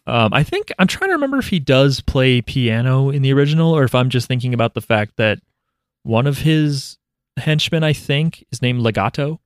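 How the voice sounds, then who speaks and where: Podcast host, male, mid-pitched, dry close-mic sound, offhand deadpan humor. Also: normal speed, clean tone, no echo. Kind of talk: casual chat.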